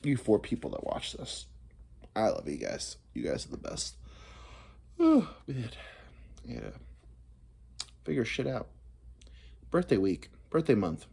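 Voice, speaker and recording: A man's voice: mid-range voice, huge pitch swings, takes it slowly, vocal fry, long pauses, mellow, breathy edge. A man in his thirties, vlogging a rambling, profane comic monologue that drifts between topics. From United States. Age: 30s. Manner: profane, meandering, self-deprecating.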